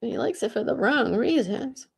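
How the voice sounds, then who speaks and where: Gravelly, husky woman telling stories. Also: fairly high pitch, expressive, moderate pace. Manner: laughs often, trails off and restarts, says "like" a lot. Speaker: vlogger. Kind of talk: casual rambling storytelling.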